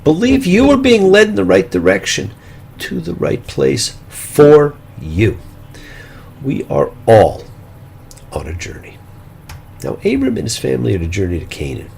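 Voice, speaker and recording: Male rabbi, gravelly and animated, sermon delivery with dramatic whispered drops. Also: on the high side. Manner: slow, dramatic delivery with hushed whispered phrases. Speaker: rabbi and show host. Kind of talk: sermon-style Torah teaching.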